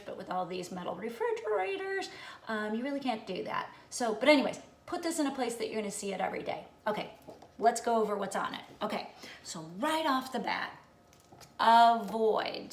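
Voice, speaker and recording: A woman hosting a plant-based diet challenge in a casual instructional vlog, chatty and homey, often checking in with "okay?" and joking at her own expense, recorded in her home kitchen. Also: fairly high pitch. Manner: homey, self-deprecating humor. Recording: echoey room, voice far from mic, faint room noise.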